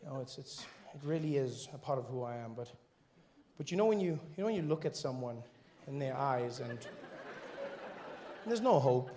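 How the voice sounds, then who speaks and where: A man from Africa doing a stand-up comedy set, animated, acting out characters in funny voices and sometimes breaking into shouts. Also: normal speed, pauses often. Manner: animated, acts out high-pitched characters, bursts into shouting. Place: comedy stage before a laughing audience.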